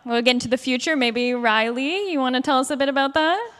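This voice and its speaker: High-voiced upbeat woman panel host. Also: fast, fairly bright tone. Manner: upbeat presenter. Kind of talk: live panel presenting.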